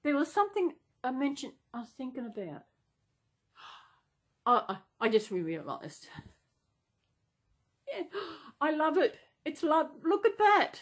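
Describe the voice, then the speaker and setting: A woman talking off the cuff to her vlog audience. Her voice sits a little high, and she rambles and gushes, gasping and restarting her sentences. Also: big pitch swings, slow pace, pauses often. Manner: rambling, gushing with many gasps and restarts. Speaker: vlogger. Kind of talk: casual unplanned chat.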